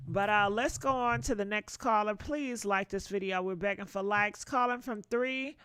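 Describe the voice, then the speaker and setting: A woman hosts a live call-in gossip show, blunt and casual as she fields callers. Her voice is bright and forceful, recorded dry and close with no room sound. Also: mid-range voice, moderate pace, clean tone, no echo.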